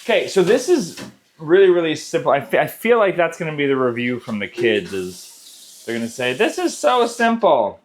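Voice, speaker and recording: A man's voice: a little high, expressive, a little fast, a little hiss or hum. Easygoing man hosting a home cooking show. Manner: easygoing, chatty, instructional. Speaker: cooking channel host. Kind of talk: casual cooking walkthrough. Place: home kitchen.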